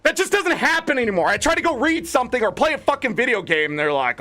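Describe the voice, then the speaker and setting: A man's voice: extremely high pitch, expressive, quick pace, hardly any pauses, sharp tone. A man hosting a gaming channel, ranting with exasperated profanity and rambling filler words. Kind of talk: ranting commentary.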